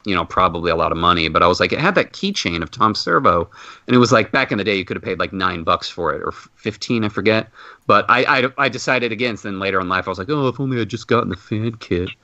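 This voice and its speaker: A man hosting a podcast, telling a long casual story and acting out loud exclamations. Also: deep voice, fast talker, no room sound. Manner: animated anecdote with loud acted-out exclamations. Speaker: podcast host. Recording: dull muffled podcast audio.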